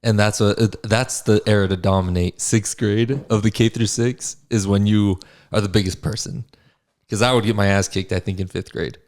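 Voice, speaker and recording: A man's voice: fairly low pitch, steady tone, moderate pace, darkish tone. A young adult man hosting a podcast, telling stories in casual chat, swearing freely and laughing as he talks. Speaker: podcast host.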